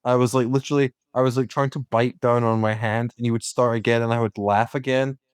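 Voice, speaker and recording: A man co-hosting a casual film podcast, excitable and repeating himself as he jumps into the talk. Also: medium pitch, quick pace, smooth, no room sound, studio quality. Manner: excitable, repeats words when talking over others. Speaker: podcast co-host.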